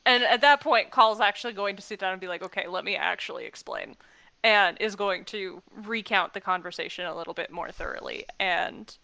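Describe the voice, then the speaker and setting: A woman's voice: medium pitch, a little fast, hardly any pauses, bright, forceful tone, dry recording. A woman playing a tabletop game, chatty and describing her character's actions. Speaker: player. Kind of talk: casual tabletop role-play.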